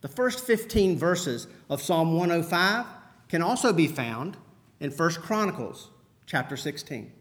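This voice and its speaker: A man with a high voice preaches in an easy, conversational way. He tells stories and asks questions of his listeners, warming up to his message. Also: lively intonation, measured pace. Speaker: pastor. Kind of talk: sermon.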